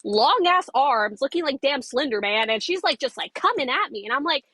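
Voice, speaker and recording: A woman's voice: high-pitched, animated, normal speed, noisy background. A young woman recounting a street confrontation in a casual storytime video, emphatic and repetitive, with plenty of fillers.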